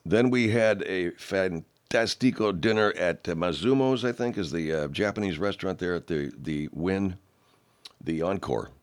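A middle-aged man hosting a talk show, ranting with heavy profanity in a gravelly manner. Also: normal speed. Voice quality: very low, gravelly, growly rant. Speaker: radio host.

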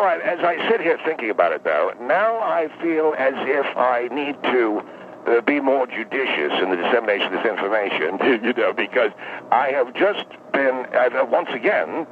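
A man's voice: mid-range voice, a little hiss or hum. A man voicing a prickly, aggrieved ex-convict who calls in, talking in wordy, pompous phrases. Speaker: caller. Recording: tinny phone line.

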